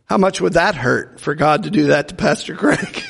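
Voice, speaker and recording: Gravelly pastor preaching in reverberant hall. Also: male voice, on the high side, big pitch swings, normal speed, a bit bright. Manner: humorous storytelling, acts out quoted voices. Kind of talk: sermon. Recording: long reverb from a large hall.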